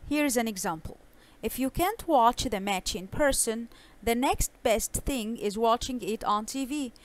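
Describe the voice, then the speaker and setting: A young woman teaching an online English lesson, speaking slowly and clearly and reading dialogues aloud with marked intonation. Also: fairly high pitch.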